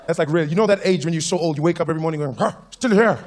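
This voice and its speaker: A South African stand-up comedian with a high voice, telling his stories with animated, playful energy. A faint hum of the room sits behind him. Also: rapid-fire.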